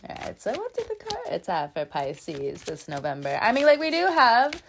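A woman's voice: fairly high pitch, wildly swooping pitch, normal speed, slight background noise. A woman hosting a casual tarot reading from a room above her garage, chatty and rambling, laughing often between asides. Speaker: tarot reader and channel host.

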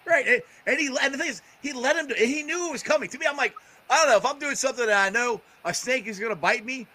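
A man's voice: very high-pitched, fast talker, bright, forceful tone. A man hosting a casual interview, laughing often and stumbling over repeated words. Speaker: podcast host.

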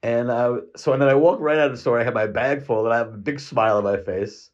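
A man's voice: mid-range voice, fast, highs cut off. A middle-aged man from the United States telling a rambling, casual story full of fillers and swearing. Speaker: vlogger.

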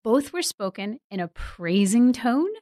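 A woman editor for a news site, explaining science stories in a clear, lightly humorous way. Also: on the high side, sing-song, a little slow, dark tone, no room sound, clean studio sound.

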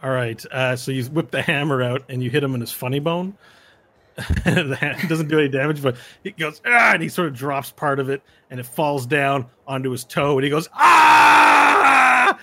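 A man running a tabletop game, narrating the action in a relaxed, chuckling way. His voice has a bright, sharp edge, pitched mid-range. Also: a little fast, hardly any pauses. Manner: laid-back, laughing narration with restarts. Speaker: game master.

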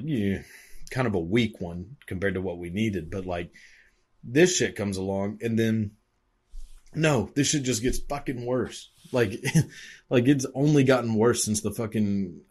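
A man's voice: on the low side, a little mellow, slightly rough. A man reacting to videos with an angry, sarcastic, profane rant full of "like" fillers. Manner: angry, sarcastic, swears constantly, many "like" fillers.

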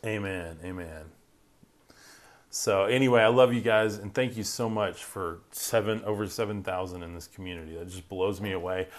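A man's voice: fairly low pitch, fairly even intonation, a little fast, few pauses. A man hosting a Christian live stream, chatting casually and upbeat, reading viewer comments, his voice worn from talking. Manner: upbeat, rambling, reads viewer comments aloud. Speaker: Christian podcast host.

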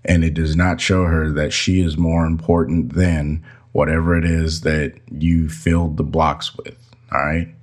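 A man's voice: very deep voice, little pitch movement, measured pace. A man hosting a podcast, giving earnest, preachy advice in a casual way. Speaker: podcast host.

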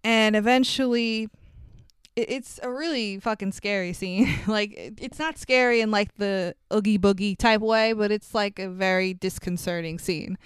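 A woman's voice: mid-range voice, normal speed, clear, resonant tone, no echo, clean studio sound. A woman co-hosting a podcast, recapping a movie in a chatty, swearing, laughing way. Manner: chatty, swears, laughs often, acts out quotes. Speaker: podcast co-host.

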